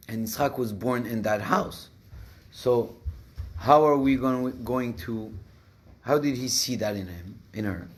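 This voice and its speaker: Male teacher, mid pitch, halting delivery, restarts often mid-sentence. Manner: halting, many restarts, switches between languages. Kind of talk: religious class talk.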